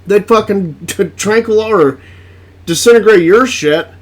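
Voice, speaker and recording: A man's voice: high voice, a little slow. A man giving casual reaction commentary on a video, blunt and profane, exasperated and laughing often.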